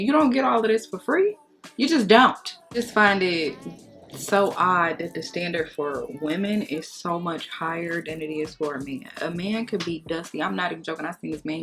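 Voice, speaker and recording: A woman's voice: fairly low pitch, a bit bright. Outspoken, sassy woman vlogger. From United States. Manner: outspoken, sassy, emphatic, candid. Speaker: beauty vlogger. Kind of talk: casual get-ready-with-me chat.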